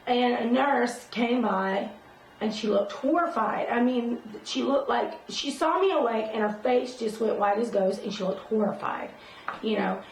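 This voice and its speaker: A woman's voice: on the high side, a little slow, recorded from a distance. A woman telling a personal story in a casual vlog, rambling with many fillers and restarts. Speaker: vlogger. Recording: roomy sound from away from the mic, faint noise.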